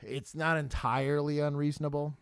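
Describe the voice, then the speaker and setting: Blunt, swearing former cop on a livestream. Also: male voice, a little high, fairly even intonation, a little fast, clear, resonant tone. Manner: blunt storytelling with profanity and frequent laughs. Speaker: livestream co-host, former police officer. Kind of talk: casual livestream chat.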